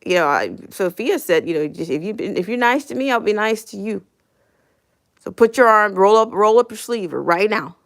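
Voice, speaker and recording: A woman's voice: mid-range voice, animated, moderate pace. A woman in her fifties hosting a casual live stream, reading viewer comments aloud, chuckling often and repeating phrases for emphasis. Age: 50s.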